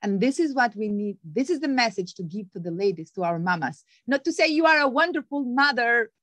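A woman's voice: lively intonation, a little fast, a bit bright, no room sound. Emphatic motivational woman, dry sound. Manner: acts out quoted voices with big pitch jumps. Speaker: guest author. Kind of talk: conversational interview.

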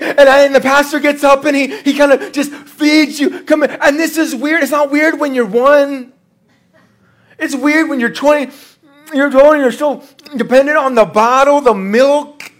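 Man, pastor, sermon, very high voice, folksy, animated. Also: normal speed. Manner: folksy and animated, acting out quotes.

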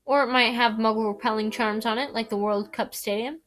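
A woman voicing a bossy know-it-all schoolgirl, brisk and matter-of-fact. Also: fairly high pitch, steady tone, fairly bright tone, close to an everyday voice.

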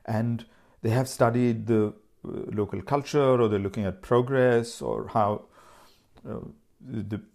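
A man's voice: medium pitch, steady tone, measured pace, creaky, darkish tone. A man hosting a podcast, reading a book passage aloud and then chatting in a rambling, thinking-aloud way. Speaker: podcast host.

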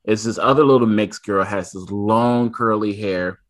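A man's voice: lowish voice, fairly even intonation, moderate pace. A man in his thirties, a podcast co-host, telling a family story in casual chat and acting out his son's lines.

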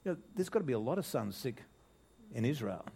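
With a warm, husky, medium-pitched voice, vocal fry and big pitch swings, an older man preaches quickly to his congregation in church. The sermon feels conversational as he restarts phrases and poses rhetorical questions.

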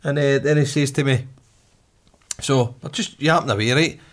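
A man's voice: medium pitch, moderate pace. Glaswegian man telling a story. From Glasgow, Scotland. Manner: animated storyteller, laughs often, swears freely. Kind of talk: casual storytelling chat.

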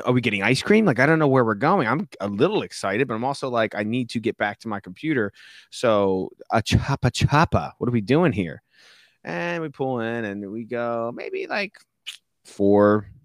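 Animated man telling a story. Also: dry recording, clean studio sound. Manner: animated, acts out quotes in high voices. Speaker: guest. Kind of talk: casual storytelling on a podcast.

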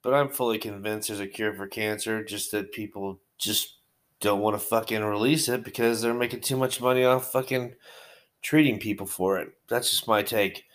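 A man's voice: mid-range voice, a bit bright. A man with a wargaming hobby, talking at home in a rambling, profane, conversational monologue.

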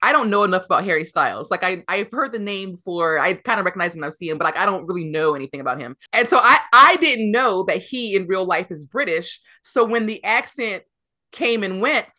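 A woman chatting casually about a movie, agreeable and quick to laugh. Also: mid-range voice, animated, pushed and bright. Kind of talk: casual movie review chat.

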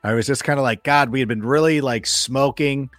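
A man as a guest football analyst in a casual sports chat, telling animated stories, acting out quoted remarks and swearing freely. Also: mid-range voice, brisk, no echo, soft background music. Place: studio.

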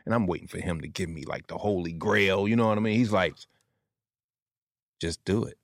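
Comedian guest, male, deep gravelly voice, dry close sound, lively storyteller. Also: fast talker, no room sound. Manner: animated storyteller, acts out quotes, laughs often. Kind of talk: casual storytelling chat.

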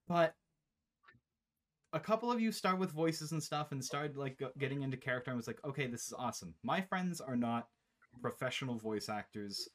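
Young male host and game master; loose, rambling, animated storyteller on a call. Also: mid-range voice. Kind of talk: casual chat, recapping a campaign. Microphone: online call.

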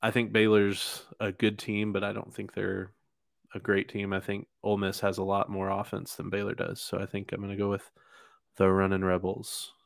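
A man's voice: fairly low pitch, monotone, moderate pace, vocal fry, no echo, studio quality. A man hosting a casual sports podcast, talking with many fillers and restarts. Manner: hesitant, lots of fillers and restarts. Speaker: podcast host.

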